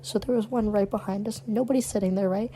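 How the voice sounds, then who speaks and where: A woman's voice: mid-range voice, fast, slight background noise, rough recording. Blunt young woman podcast co-host. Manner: animated, blunt storyteller. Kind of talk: casual storytelling chat.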